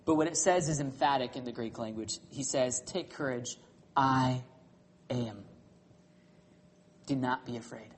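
A man preaching a sermon at a middle pitch, his delivery rising to loud, emphatic peaks and falling back to quiet, low stretches. A faint hiss sits behind his voice. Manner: emphatic preaching, swinging from loud, high passages to hushed, low ones; closes by leading a spoken prayer. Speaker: pastor.

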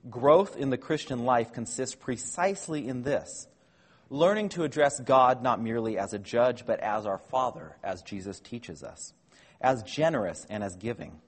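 A man teaching a careful, measured lesson on scripture, explaining line by line and sometimes correcting himself. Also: medium pitch, expressive, breathy edge, long reverb tail. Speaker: Bible teacher. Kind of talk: lecture on scripture.

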